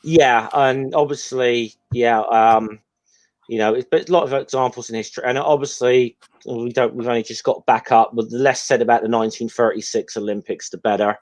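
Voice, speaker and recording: A man's voice: medium pitch, steady tone, normal speed. A man, co-hosting a casual film commentary chat, hesitant and rambling with many ums. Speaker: podcast co-host.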